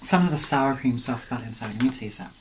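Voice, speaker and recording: A man's voice: mid-range voice, lively intonation, a little fast, a little hiss or hum, rough recording. A man casually telling a story between bites of food at home, rambling and drifting into side notes. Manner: rambling, digressive, chatty; eats and tastes food between sentences. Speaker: mukbang vlogger. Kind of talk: casual storytelling while eating.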